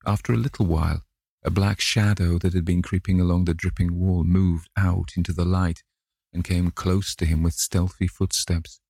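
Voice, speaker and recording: A man narrating a classic novel in a measured, dramatic reading. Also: low-pitched, little pitch movement, vocal fry, mellow, husky, no room sound, clean studio sound. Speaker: audiobook narrator.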